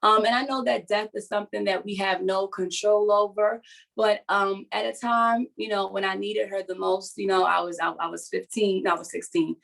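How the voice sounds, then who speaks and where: A woman who is a writer, hosting a support session and telling a personal story over a video call in an earnest, halting, confessional way. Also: mid-range voice, fairly even intonation, vocal fry, a bit bright, rough recording.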